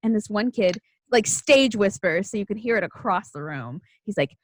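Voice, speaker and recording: A young woman hosting a podcast, telling stories in a casual, animated way and acting out the voices of the people in them. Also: mid-range voice, moderate pace, no echo. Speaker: podcast host. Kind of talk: casual storytelling chat.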